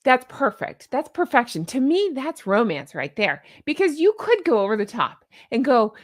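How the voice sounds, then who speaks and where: A woman's voice: high-pitched, huge pitch swings, normal speed, few pauses, no room sound, clean studio sound. A woman hosting a casual livestream, chatting and joking with viewers. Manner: chatty, jokey, greets viewers. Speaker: host of a commentary channel.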